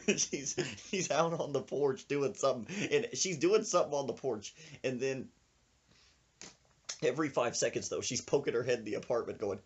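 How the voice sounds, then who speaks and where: A man hosting a podcast, telling a comic story in an animated way and laughing through it. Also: medium pitch, brisk, slightly rough, muffled recording. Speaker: podcast host.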